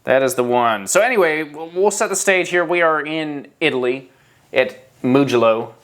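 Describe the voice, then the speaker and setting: A man's voice: on the high side, expressive, normal speed, a bit bright. A man hosting a motorcycle podcast, talking in a loose, rambling way with frequent restarts. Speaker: podcast host. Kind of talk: casual podcast chat.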